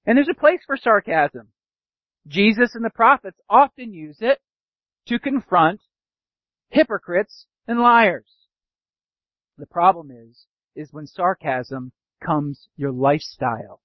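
High-voiced man preaching a sermon. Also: slow pace, long pauses, no echo. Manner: animated preaching, mimics sarcastic voices. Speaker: pastor. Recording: dull dry lo-fi sound.

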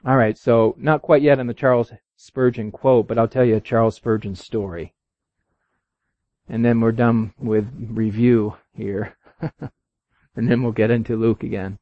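Male preacher telling a story, goes loud n high then drops low, kinda lo-fi dry sound. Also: fairly even intonation, measured pace, no echo. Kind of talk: sermon. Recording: dull, dry lo-fi recording.

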